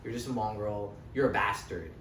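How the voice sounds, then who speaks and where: A man's voice: fairly low pitch, brisk, a bit bright, a little hiss or hum, pitched below the performer's own voice, lightly acted. A man voicing a bitter, spiteful noblewoman mother, delivering curt, scornful lines. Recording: echoey room, distant mic.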